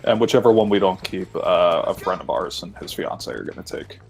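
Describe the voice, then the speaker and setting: A man's voice: low voice, animated, brisk, creaky. A man from South Carolina chatting casually with friends while streaming a video game, rambling and swearing freely. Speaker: let's play streamer. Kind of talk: casual group commentary.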